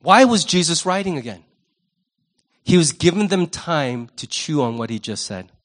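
A male pastor preaching a sermon in an animated, wry way, often jumping into quoted voices. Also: fairly high pitch, moderate pace.

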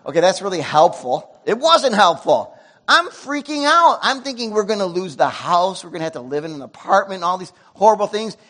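A man preaching a sermon to a congregation, animated, with loud emotional peaks and quiet asides. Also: high-pitched, a little fast. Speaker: pastor. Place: church sanctuary before a congregation.

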